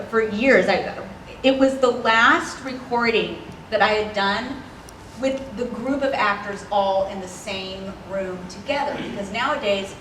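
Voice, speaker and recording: An animated, bubbly woman talks on a convention panel and laughs often. Her voice carries across a large, echoey hall, picked up from a distance with faint room noise underneath. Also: mid-range voice. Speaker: voice actress, panel guest.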